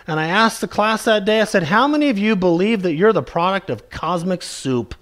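A male pastor preaching a sermon, slowly and emphatically, stretching out key words for weight. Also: high-pitched, animated, a bit bright.

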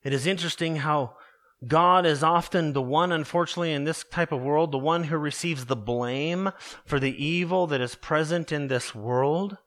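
A man preaching a sermon slowly and deliberately, stressing his points with emphatic repetition. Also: a little high, fairly bright tone. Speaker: pastor.

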